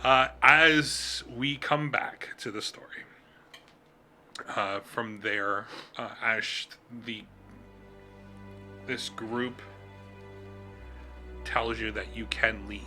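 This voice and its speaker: A man running a tabletop game as game master, relaxed and halting, with many fillers and frequent laughs. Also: medium pitch, faint music behind.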